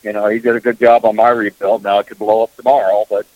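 A man's voice: on the low side, level tone, fast, no room sound, phone-quality sound. A man chatting casually as a guest about fishing on the radio, rambling with lots of filler words. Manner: rambling, heavy on "you know" fillers.

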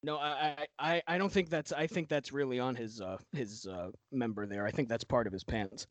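A man's voice: mid-range voice, a little fast, dry recording. A man guest on a podcast, chatting casually while watching TV, laughing often and making wry jokes.

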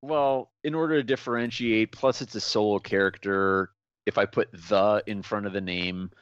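A man's voice: fairly low pitch, steady tone, normal speed, clean tone, no echo, lo-fi sound. A man being interviewed as a musician, speaking casually and hesitantly with many fillers. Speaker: musician guest.

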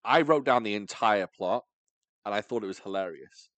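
Male podcast host, casual reviewer, pitch swings all over, dry close sound. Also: expressive, fairly bright tone, dry recording. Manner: enthusiastic, rambling, quick asides. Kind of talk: casual film review chat.

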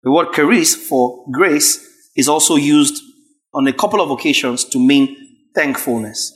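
A man preaching a sermon, emphatic and repetitive, rising to shouts at his peaks. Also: fairly high pitch, unhurried. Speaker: pastor.

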